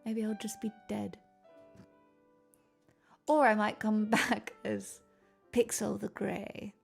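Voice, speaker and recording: A woman streamer chats with her viewers in a contrived transatlantic accent, taking her time over each phrase. Her voice has a gravelly, fried edge, and her banter is self-mocking and laced with casual swearing, with soft music faintly underneath. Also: medium pitch, flat delivery, slow. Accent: put-on transatlantic. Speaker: live streamer greeting chat. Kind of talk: casual live-stream chat.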